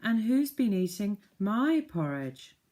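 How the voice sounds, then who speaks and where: A woman voicing a motherly mother bear in a storybook reading, measured and a little raised. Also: medium pitch, very animated, dark tone, pitched above the performer's own voice. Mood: puzzled.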